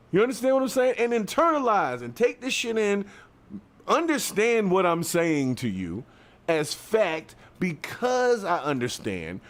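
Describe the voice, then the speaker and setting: A man delivering a fired-up ranting commentary monologue to his viewers, swinging between yelling and calming down and often asking if they understand. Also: high-pitched. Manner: fired-up, repeats "you understand what I'm saying". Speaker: video commentator.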